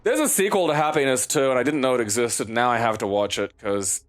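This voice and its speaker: A man's voice: mid-range voice, fast. A man co-hosting a gaming video, telling a long story in casual chat and swearing often as he plays. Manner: rambling, profane storytelling. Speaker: co-host of a gaming channel. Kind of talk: casual chat while playing a game.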